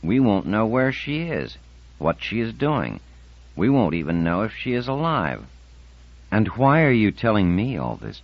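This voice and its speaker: A man's voice: very animated, measured pace, no echo, muffled recording. A man narrating an audiobook, lifting his voice for the characters' dialogue. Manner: lifts pitch and volume for spoken dialogue.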